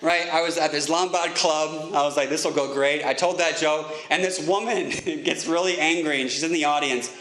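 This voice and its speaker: Man, stand-up comedian, bright voice, roomy echo, chatty storytelling. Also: on the high side, steady tone. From United States. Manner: chatty, self-mocking storytelling with quick asides.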